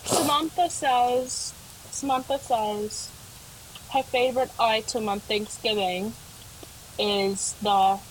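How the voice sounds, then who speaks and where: A woman putting on her slow, accented alter ego. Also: a little high, steady tone, slight background noise, low-quality recording. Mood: announcing.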